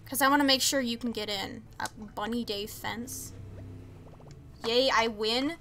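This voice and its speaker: Young female streamer, high and bright, excitable and stammering, faint game music under. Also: measured pace, a little hiss or hum. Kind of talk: casual live-stream chat.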